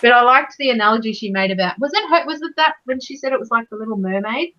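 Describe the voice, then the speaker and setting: A woman's voice: fairly high pitch, fast, bright, forceful tone, slight background noise. Rambling woman on a dull mic. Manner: rambling, searching for words. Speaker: book club co-host. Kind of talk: casual book discussion.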